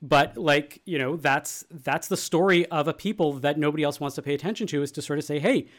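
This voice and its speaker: A man co-hosting an interview, with a somewhat higher voice. He speaks emphatically and thinks out loud as he goes. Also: a little fast. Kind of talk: conversational interview talk.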